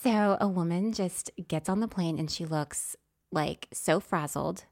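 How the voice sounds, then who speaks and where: Animated woman telling a story. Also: fairly low pitch, vocal fry. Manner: animated storytelling, quick swings from whispers to loud exclamations. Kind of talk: casual chat.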